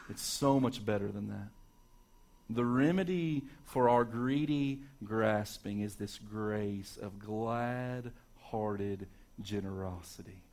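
A male pastor delivering a Sunday morning sermon, rising to loud emphatic peaks and dropping to hushed, quiet passages. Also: fairly low pitch. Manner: dynamic preaching, swinging from loud to hushed.

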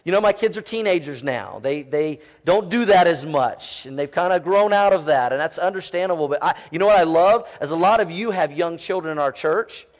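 A man in his forties, a pastor preaching a sermon in a church, animated and often quoting children's voices. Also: on the high side, brisk, few pauses.

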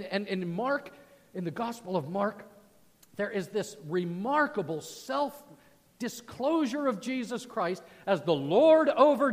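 A male pastor preaching a sermon, moving from loud proclamation to soft, hushed passages. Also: sits high. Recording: long hall reverb.

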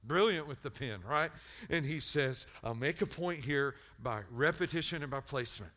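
Animated preacher, bright and emphatic. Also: male voice, mid-range voice, normal speed. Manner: animated, shifting from loud emphatic peaks to quiet intensity; storytelling, self-deprecating, repeats words for emphasis. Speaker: pastor. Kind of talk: sermon.

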